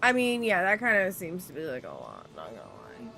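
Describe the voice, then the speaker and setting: A woman's voice: on the low side, wildly swooping pitch, a little fast, gravelly, background noise. A young woman streaming a game live, reacting with jumpy exclamations, swearing and playful baby talk. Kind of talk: live gameplay commentary. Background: game music.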